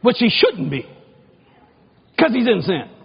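A male preacher giving a joking, animated sermon, often shouting, heard on a lo-fi recording. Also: very high-pitched, unhurried, gravelly, husky. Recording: lo-fi muffled recording.

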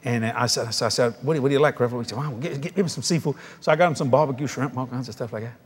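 A man's voice: medium pitch, rapid-fire, in a large hall. A man preaching, telling stories with laughter and mimicking the voices of others. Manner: animated, laughing storyteller who mimics voices. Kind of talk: storytelling sermon.

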